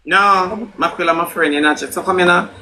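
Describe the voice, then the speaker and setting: A man with a Jamaican accent hosting a loud, teasing live chat in patois with a flamboyant manner. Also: high voice, brisk. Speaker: TikTok live host. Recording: echoey room with loud background noise.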